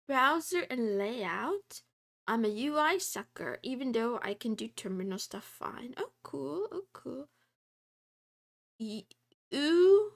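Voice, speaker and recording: Her voice sits high with big swings in pitch, slow and gravelly, as this woman streamer reads viewer messages aloud in a casual chat. Frequent giggles, playful self-deprecation and small meows run through it.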